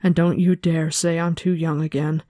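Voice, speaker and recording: A podcaster reading a novel aloud, voicing a frightened, earnest young woman apprentice in a high, squeaky, pleading voice. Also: flat delivery, moderate pace, warm tone, dry recording, studio quality, natural voice. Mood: defiant.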